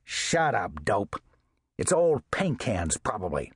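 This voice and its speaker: Brief: man playing a nasal-twanged storybook alley cat, gruff and bossy, husky tone. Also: lowish voice, sing-song, slow, dry recording, studio quality, exaggerated voice. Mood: dismissive. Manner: growling, blunt, bossy. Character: gruff male alley cat, bristly and ugly.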